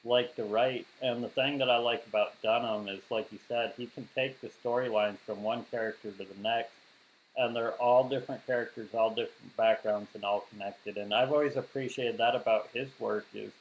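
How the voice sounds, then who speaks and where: Man from western south dakota, gravelly voice, halting thoughtful talk, light background hiss. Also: mid-range voice, fairly even intonation, highs cut off. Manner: thoughtful, halting, restarts his sentences. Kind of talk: casual podcast chat.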